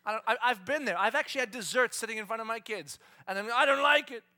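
Middle-aged guy preaching, acts out quotes loud, kinda high bright voice. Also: fast. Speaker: pastor. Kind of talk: sermon.

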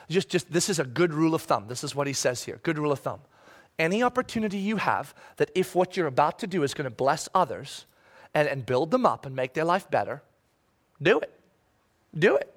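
A middle-aged male pastor delivering a sermon with a high, light voice. He talks animatedly, dropping into soft asides and then rising into loud, acted-out shouts. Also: sing-song, quick pace.

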